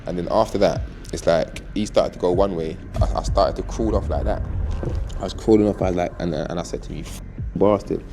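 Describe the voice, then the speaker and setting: Fast-talking deep-voiced London man. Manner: animated, slangy, swears freely. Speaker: interviewee, knife crime campaigner. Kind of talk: candid interview storytelling. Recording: music playing under the voice. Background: music.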